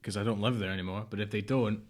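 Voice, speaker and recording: A man's voice: on the low side, fairly even intonation, fast talker. A man, co-hosting a casual podcast chat, rambling and dropping into mutters. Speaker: podcast co-host.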